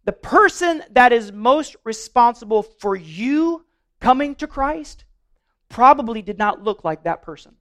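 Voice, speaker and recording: A pastor with a notably high voice preaches to his congregation. He talks earnestly but loosely, trips over and repeats words as he goes, and slips in playful humor. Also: lively intonation, measured pace, fairly bright tone. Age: adult, married. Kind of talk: sermon.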